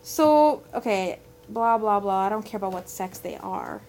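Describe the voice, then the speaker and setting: A woman's voice: mid-range voice, animated, moderate pace, a little mellow. A woman co-hosting a podcast in casual chat, blunt and dismissive, often reading aloud from articles. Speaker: podcast co-host.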